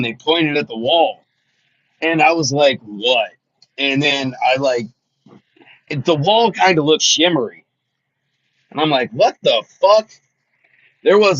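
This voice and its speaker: A man's voice: medium pitch, a bit bright, no room sound, highs cut off. A man in casual chat, telling a blunt story full of swearing. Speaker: podcast panelist.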